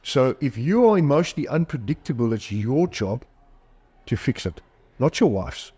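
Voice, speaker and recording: A middle-aged man, a psychologist and author, on a podcast. He tells personal stories in a frank, self-deprecating way and slips into quoted dialogue. His voice sits at an ordinary middle pitch. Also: very animated, moderate pace, mellow, breathy edge. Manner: candid, self-deprecating storyteller who acts out quoted dialogue. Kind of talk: podcast interview.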